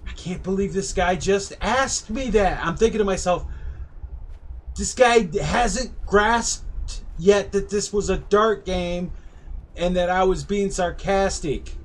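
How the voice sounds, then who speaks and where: Husky man telling a carnival story. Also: sits high, slow pace. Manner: animated anecdote, acting out customers in raised voices. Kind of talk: casual storytelling on a game stream.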